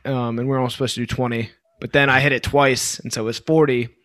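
A man co-hosting a podcast in loose, rambling casual chat full of fillers and swearing, his voice worn from yelling. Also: medium pitch, flat delivery, fast talker, no room sound, studio quality. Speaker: podcast co-host.

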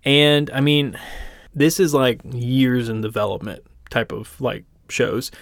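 A man's voice: medium pitch, dry recording, studio quality. A man from the United States hosting a podcast in a casual, rambling way, with self-deprecating jokes and lots of fillers. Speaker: podcast host.

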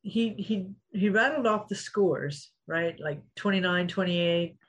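Her voice sits on the low side and she takes her time: a middle-aged woman and former fighter sharing stories in an interview. She's an animated storyteller who acts out quotes and laughs often, on a low-quality recording.

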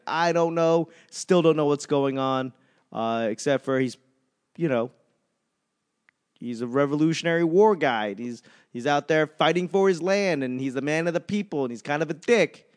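A man's voice: medium pitch, moderate pace, smooth. A man in his thirties hosting a casual solo podcast, rambling and self-mocking with plenty of swearing. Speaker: podcast host.

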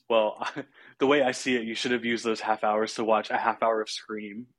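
A man's voice: on the low side, little pitch movement, normal speed, fairly bright tone, dry recording. A man hosting a podcast, casually recapping a horror film with fillers and chuckles. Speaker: podcast host.

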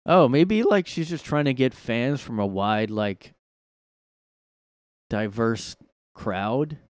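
A man's voice: mid-range voice, lively intonation, takes it slowly, no echo. A man hosting a solo podcast from his room, rambling sarcastically with lots of filler words. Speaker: podcast host. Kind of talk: casual solo commentary.

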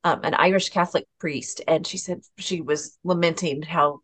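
A woman speaks as a podcast guest in a relaxed, open chat. Her voice sits a touch low, and she tumbles through restarts, with a laugh at her own expense now and then. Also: normal speed, husky. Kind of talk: casual conversation.

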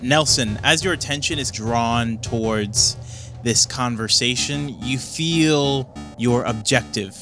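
A male game master narrating a tabletop session, describing scenes quickly and calling for dice rolls. His voice is bright and forward, at an average pitch. Faint music plays behind him.

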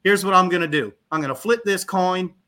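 Folksy Southern director, put on by a man, drawling, pitched well up from his own voice. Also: a little fast, pushed and bright. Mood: jovial.

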